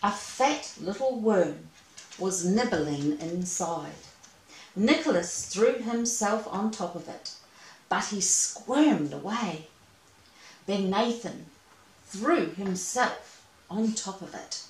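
A woman reading a children's storybook aloud, gentle and expressive with playful asides. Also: medium pitch, slow, distant mic. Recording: echoey room, away from mic.

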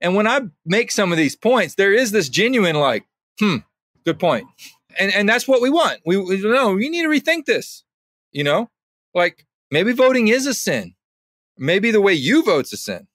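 A man guesting on a podcast in casual conversation, an animated storyteller who drops his voice when quoting others. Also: sits high, moderate pace, no echo.

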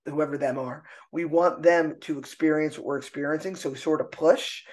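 A middle-aged woman speaking as a podcast guest, expressive and emotional, laughing often as she talks. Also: deep voice, normal speed. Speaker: podcast guest, artist and author. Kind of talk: casual conversational interview. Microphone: own microphone.

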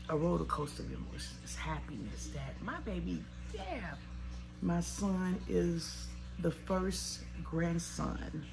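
Gravelly-voiced tearful mom vlogger. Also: female voice, fairly low pitch. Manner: tearful, heartfelt, chatty. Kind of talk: emotional vlog. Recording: noisy handheld recording.

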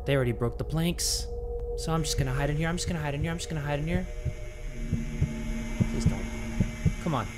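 A man's voice: a little high, very fast, over loud music. A young man playing a horror game, talking to viewers in a jittery, self-mocking, chatty way. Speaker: gaming youtuber.

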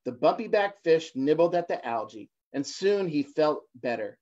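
A man in his forties, a guest reader, reading a children's picture book on a livestream, halting at times with fillers and restarts. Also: on the high side, expressive, darkish tone. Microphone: phone or laptop for a livestream. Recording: dull lo-fi livestream audio.

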